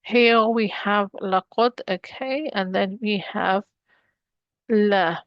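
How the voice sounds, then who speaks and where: A woman's voice: medium pitch, takes it slowly, no room sound, dull audio. A woman teaching an Arabic grammar lesson, explaining each rule step by step and mixing English with Arabic terms.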